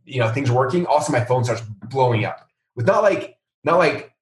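A middle-aged man, a company founder, telling a story in a casual interview and acting out the people he quotes. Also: fairly quick. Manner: animated, acts out quoted voices in a higher pitch. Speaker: founder and CEO of a software company. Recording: roomy sound, a bit off-mic.

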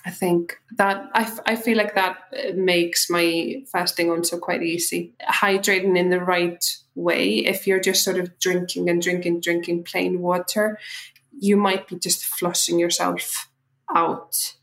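A woman from Iceland whose accent blends Icelandic, Irish and English, talking in a relaxed way with fillers as a guest in a casual interview. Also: on the low side, measured pace, rough recording. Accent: Icelandic, with Irish and English influences. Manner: relaxed, with filler words and restarts. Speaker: podcast guest.

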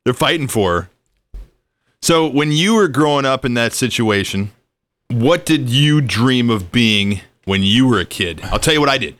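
A man hosting a casual chat, reminiscing in a relaxed way and laughing easily. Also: mid-range voice, moderate pace, dry recording.

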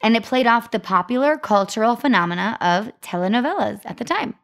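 A woman's voice: fairly high pitch, lively intonation, brisk. A young woman co-hosting a chatty podcast, telling an upbeat story and reading out marketing details. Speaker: podcast co-host. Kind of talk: casual chat.

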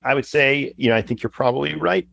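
A man's voice: mid-range voice, fast talker, creaky, a bit bright, lo-fi sound. A man co-hosting a podcast, chatting casually in an easygoing, agreeable way. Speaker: podcast co-host.

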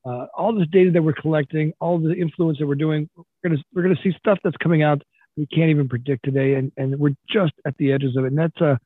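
A man hosting a podcast, talking quickly with filler words. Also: on the high side, steady tone, husky, no echo. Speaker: podcast host. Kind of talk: casual interview talk. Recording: tinny phone-like line.

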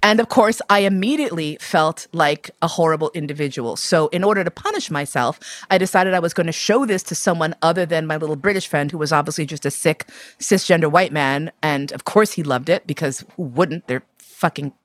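A woman with a somewhat low voice recounts a personal story for an interviewer, blunt and profane, laughing as she goes. The sound is close and dry, with no room around it. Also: fairly quick, dry recording. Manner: animated, profane, laughs often.

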